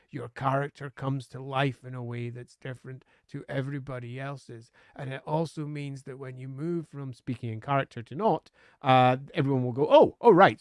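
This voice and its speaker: A man's voice: mid-range voice, dry recording, clean studio sound. A man on a live stream answering viewer questions in a chatty, upbeat way, with frequent hesitant fillers.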